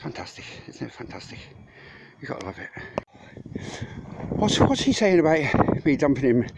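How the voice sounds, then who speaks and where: A man's voice: medium pitch, very animated, normal speed, vocal fry. Rambling, breathless man vlogging outdoors. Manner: rambling, swears freely, chatty asides to viewers. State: out of breath from hauling loads uphill. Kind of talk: casual walking vlog. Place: outdoors on a mountain path. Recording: noisy outdoor phone recording.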